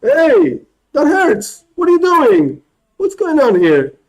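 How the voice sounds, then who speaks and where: A man's voice: wildly swooping pitch, slow, full character voice. A man voicing a small child who is hurt and wails in protest. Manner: high protesting wail.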